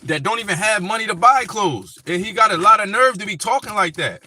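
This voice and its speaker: Fairly quick and forceful, a man delivers furious live stream commentary aimed squarely at the one he's calling out. His voice is high and bright, with lively intonation.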